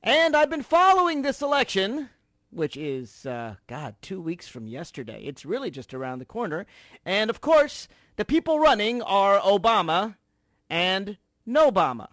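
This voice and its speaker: Animated, sarcastic talk-radio man. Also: sits high, measured pace, no echo. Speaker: radio talk show host. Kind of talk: political talk radio monologue.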